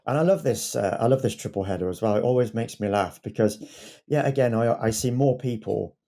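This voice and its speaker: A man's voice: mid-range voice, fairly quick, mellow. A man who is a lead editor and podcast regular, chatting casually and rambling a little with repeated words.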